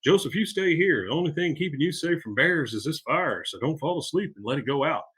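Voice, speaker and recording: A man's voice: expressive, a little fast, a bit bright, slightly rough. A man on a podcast reading out lines for a stern, scolding father in a slightly raised voice. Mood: lecturing. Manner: reads quotes a bit higher than his own voice.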